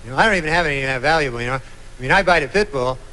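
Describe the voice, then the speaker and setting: A man doing a stand-up routine on a comedy club stage, with a drawling deadpan delivery and many "you know?" asides. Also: mid-range voice, rapid-fire. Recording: live club recording with loud crowd and noise.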